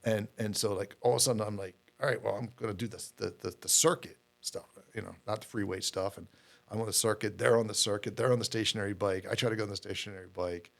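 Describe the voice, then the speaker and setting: A man's voice: on the low side, fairly even intonation, fast talker, gravelly. A middle-aged man, a podcast guest, telling his story in a candid, rambling way with many fillers and repeated words.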